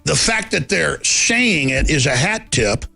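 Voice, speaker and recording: A middle-aged man hosting a talk show, delivering an impassioned monologue with emphatic swings from quiet storytelling to loud defiance and acting out the people in his stories. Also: a little high, sing-song, unhurried, vocal fry, soft background music. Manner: acts out quoted people in the stories.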